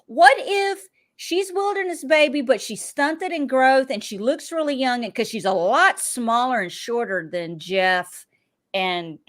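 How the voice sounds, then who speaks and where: Lively woman in her forties. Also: fairly high pitch. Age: 40s. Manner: animated, laughing, theorizing aloud. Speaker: podcast host. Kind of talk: casual recap chat.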